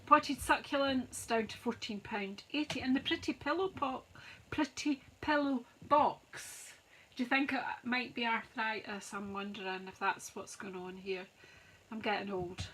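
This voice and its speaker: A woman's voice: fairly high pitch, a little slow, fairly bright tone, slight background noise, low-quality recording. A woman hosting a live craft stream, chatting to viewers as she rattles off sale prices like an auctioneer. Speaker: craft demonstrator, host. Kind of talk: live-stream product walkthrough.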